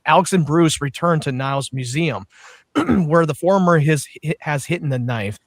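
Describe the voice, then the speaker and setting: A man's voice: on the high side, normal speed, no room sound. A man co-hosting a casual podcast chat, stumbling through an episode recap and swearing in banter. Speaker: podcast co-host.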